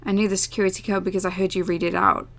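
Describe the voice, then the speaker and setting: A guilt-ridden young man who wants to die , read by a woman. He speaks quietly and evasively, resigned, with a bright, firm tone. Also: medium pitch, little pitch movement, rapid-fire, vocal fry.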